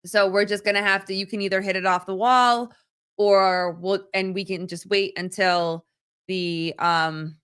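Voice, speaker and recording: A woman co-hosting a casual live call-in stream, telling a family story in a relaxed way with plenty of fillers. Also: mid-range voice, measured pace, smooth. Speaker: co-host.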